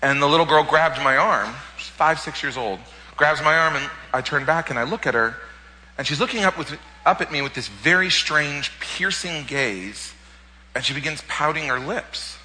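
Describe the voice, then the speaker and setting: Animated male pastor, bright ringing voice. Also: fairly high pitch, normal speed, in a large hall, slight background noise, poor audio. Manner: animated, repeats words when excited. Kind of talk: sermon testimony storytelling.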